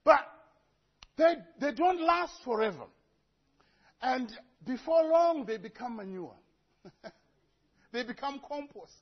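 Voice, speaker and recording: A man's voice: very high voice, slow pace, pauses often, muffled recording. A man from Africa preaching a sermon to a congregation, telling stories with humorous asides. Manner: lively storytelling with humorous asides. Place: church before a congregation.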